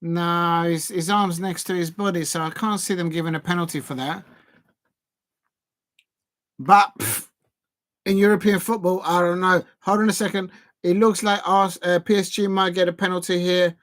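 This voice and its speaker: Excitable man commentating a live watch-along. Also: sits high, normal speed, dry recording. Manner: chatty and excitable, jumping to shouts at big chances. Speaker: YouTuber hosting a live football watch-along.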